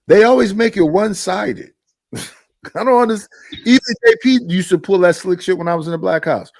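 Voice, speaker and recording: A man's voice: sits high, normal speed, creaky, dry recording, studio quality. A middle-aged man hosting a casual live-stream chat, telling stories emphatically with lots of repetition. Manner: emphatic, animated storytelling with frequent repetitions. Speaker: stream host.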